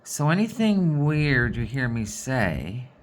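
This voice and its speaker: A woman's voice: a bass voice, sing-song, slow pace. A woman with a Newfoundland accent, chatting casually and rambling as she sorts her diamond painting supplies. She has a folksy manner and often ends sentences with "boy". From Newfoundland, Canada. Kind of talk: casual rambling chat while sorting craft supplies.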